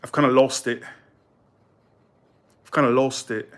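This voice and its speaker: A man on a livestream doing a put-on British accent, exaggerated and halting, full of fillers. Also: medium pitch, steady tone, natural voice. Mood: mock-posh. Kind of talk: livestream chat.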